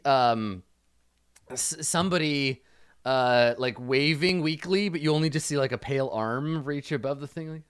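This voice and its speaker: A man's voice: medium pitch, moderate pace, smooth. A man at a close mic runs a tabletop game as its game master, describing the scene in a loose, easygoing way. He often stops and restarts his sentences with fillers. The sound is dry, with no room echo at all. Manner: relaxed, hesitant with many fillers and restarts.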